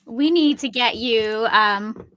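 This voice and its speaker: A woman's voice: fairly high pitch, takes it slowly, a bit bright. A woman co-hosting a casual online interview, chatty and upbeat, asking rambling questions with fillers. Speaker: interview co-host.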